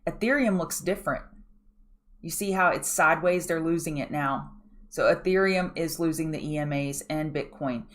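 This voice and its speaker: A woman hosting a pre-market trading show, walking viewers through charts in a direct, coaching way and often asking them to look at the chart. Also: on the low side. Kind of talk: live chart analysis walkthrough.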